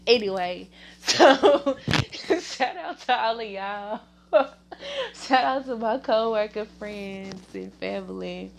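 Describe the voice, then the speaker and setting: A Southern woman chats on her own podcast at an unhurried pace. She rambles from thought to thought, laughs easily and sends shout-outs to family. Her voice has a gravelly fry over a faint background hiss. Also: mid-range voice. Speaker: podcast host. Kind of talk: casual solo podcast chat.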